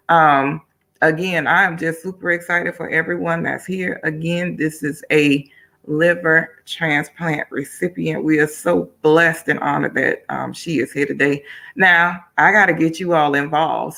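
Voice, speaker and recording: An upbeat woman from Miami hosts a livestream talk show. Her voice is bright and ringing, and she keeps things loose and colloquial, calling out to viewers as she goes. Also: sits low. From Miami, Florida. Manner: upbeat, chatty, colloquial, talking to viewers' comments. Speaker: host.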